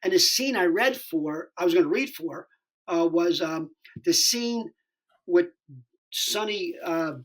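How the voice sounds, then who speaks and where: Husky-voiced man telling a rowdy story. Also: high-pitched, animated, slow. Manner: profane, acts out the dialogue in his story. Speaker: podcast guest, stand-up comedian. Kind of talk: animated anecdote telling.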